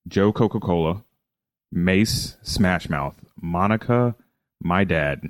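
A man appearing as a podcast guest, playing a lawyer with dry deadpan delivery. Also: sits low, takes it slowly, no room sound. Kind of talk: deadpan comedic banter.

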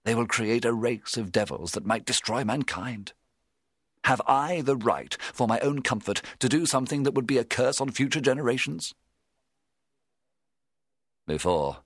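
A man narrating a storybook in the first person, in a measured, dramatic way that rises at tense moments. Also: lowish voice, fairly bright tone, slightly rough, no echo, studio quality. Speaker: audiobook narrator.

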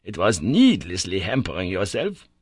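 A man's voice: low voice, huge pitch swings, normal speed, breathy edge, no room sound, clean studio sound, exaggerated voice. A man voicing a stern, learned older professor who lectures in a cold, decided tone.

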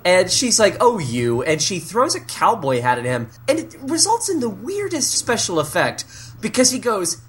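A woman's voice: medium pitch, moderate pace, a little hiss or hum. A woman co-hosting a podcast, chatting casually about a film, often laughing and mimicking lines in silly voices. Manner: laughing, animated, mocking quotes in silly voices. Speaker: podcast co-host. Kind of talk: casual chat reviewing a film.

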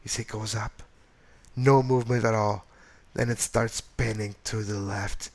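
A man hosting a casual solo soccer podcast, animated and jokey, correcting himself as he goes. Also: fairly low pitch, measured pace. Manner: animated, excitable, jokey asides and self-corrections. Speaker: podcast host.

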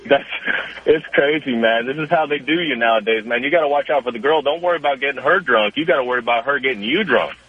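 A man calling in to a radio show and telling a quick anecdote in casual chat. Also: mid-range voice, breathy edge. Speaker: caller. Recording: tinny phone line.

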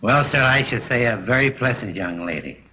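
A deferential butler, bright voice. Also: male voice, mid-range voice, animated, moderate pace, a little hiss or hum, rough recording. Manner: deferential, hesitant. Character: polite, fussy male butler. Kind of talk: old film acting.

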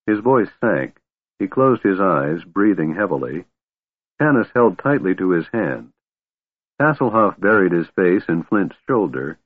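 A man narrates a fantasy story in a low, expressive voice with lively pitch movement. The recording is dry, thin and narrow, like a phone line. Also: moderate pace. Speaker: audiobook narrator.

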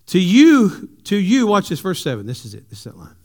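A pastor preaching to his congregation in a notably high voice. He tells animated, humorous stories and then moves into reading scripture. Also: fairly quick. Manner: animated storytelling, jokes with the congregation.

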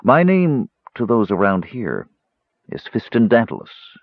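A man voicing a cynical young male mage who speaks softly and mockingly. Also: fairly low pitch, very animated, a little slow, no room sound, voice pushed up, exaggerated voice. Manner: soft, mocking. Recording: slightly muffled audio.

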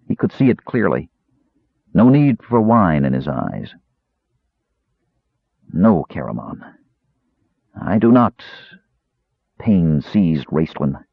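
Deep, husky male audiobook narrator. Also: unhurried, no echo. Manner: expressive storytelling. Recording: tinny lo-fi narrow band.

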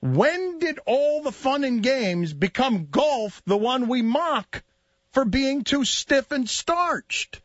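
High, lively man mocking sports etiquette. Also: no echo, dull audio. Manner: incredulous, mocking, rapid-fire questions. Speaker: sports radio host. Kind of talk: sports talk radio banter.

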